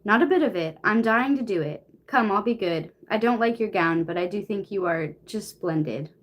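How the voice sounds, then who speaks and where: A woman's voice: medium pitch, lively intonation, normal speed, lo-fi sound, lightly acted. A woman reading the lines of a blunt, teasing teenage boy in a storybook. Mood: eager.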